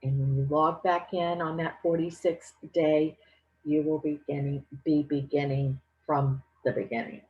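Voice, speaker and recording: Low-voiced woman explaining step by step. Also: little pitch movement, unhurried, muffled recording. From Louisiana. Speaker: financial aid presenter. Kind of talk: instructional presentation.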